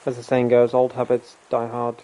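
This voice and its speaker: A man's voice: mid-range voice, completely flat delivery, moderate pace, dark tone. A young man streaming a game, rambling casually with self-deprecating laughs. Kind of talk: casual live gameplay chat.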